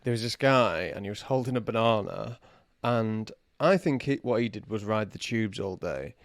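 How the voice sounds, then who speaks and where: A man's voice: fairly low pitch, normal speed, dry recording, studio quality. A man co-hosting a casual podcast, telling anecdotes and chuckling as he goes. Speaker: podcast co-host. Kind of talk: casual chat.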